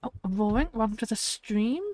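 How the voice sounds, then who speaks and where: A woman's voice: a little high, normal speed, darkish tone, no echo. A woman streaming a survival game, chatting to viewers and talking herself through tasks, laughing often. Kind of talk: casual live-stream chat.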